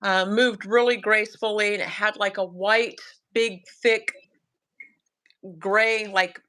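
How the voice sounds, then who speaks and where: A woman's voice: mid-range voice, takes it slowly. A woman with a Southern US accent, telling a story in casual chat and acting out the lines of her son and herself. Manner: animated, quotes her son and herself, laughs often. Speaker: guest telling a sighting story.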